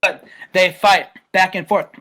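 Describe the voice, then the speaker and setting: An excitable man tells a match story as casual play-by-play. He rambles, restarts his sentences and keeps switching names, then bursts into loud shouted quotes. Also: sits high, measured pace. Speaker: host recapping a wrestling game simulation.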